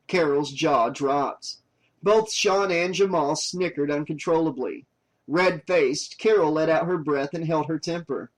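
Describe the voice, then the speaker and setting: A man narrating an audiobook in a steady, even reading voice. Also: fairly high pitch, unhurried, poor audio. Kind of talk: scripted narration.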